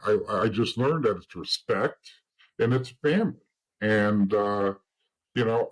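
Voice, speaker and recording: A man's voice: on the low side, darkish tone, slightly rough, rough recording. A man in his thirties, an interview guest telling rambling stories, laughing at grim details and restarting his sentences often. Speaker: interview guest, former mob associate turned informant. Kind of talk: casual storytelling in an interview.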